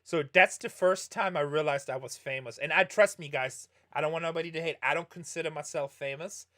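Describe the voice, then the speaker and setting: A man's voice: on the high side, a little fast, fairly bright tone. A middle-aged man chatting casually while he streams poker and answers viewer questions, rambling and correcting himself often. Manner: rambling, self-correcting storyteller. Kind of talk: casual livestream chat while playing poker.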